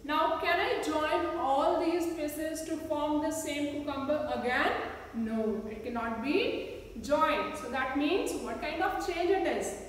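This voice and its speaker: A woman teacher with an Indian English accent, speaking slowly and patiently, with a fairly high voice. She keeps asking her class questions as she demonstrates. She is recorded from across a bare room with strong echo and a long reverb tail, with faint noise underneath. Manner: slow, patient, asks the class many rhetorical questions. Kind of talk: classroom science lesson with demonstrations. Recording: echoey room, recorded from a distance.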